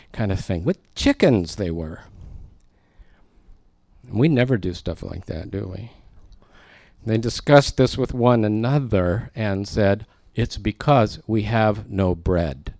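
A man's voice: medium pitch, measured pace, a little mellow, dry recording. A man preaching a verse-by-verse sermon in a conversational way, with joking asides to his congregation. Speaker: pastor. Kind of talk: expository sermon.

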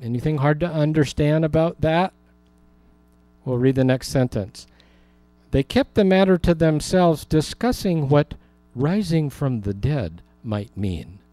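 A man's voice: on the high side, animated, unhurried, warm tone, no room sound, faint music behind. A man preaching a Bible teaching sermon in a conversational way, with humorous asides. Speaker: pastor.

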